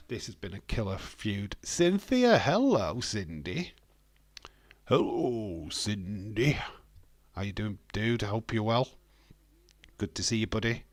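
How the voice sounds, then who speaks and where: A man's voice: on the low side, flat delivery, moderate pace, long pauses, fairly bright tone, dry recording, studio quality. A British man hosting a live watch-along, giving casual, blunt commentary and swearing freely. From Britain.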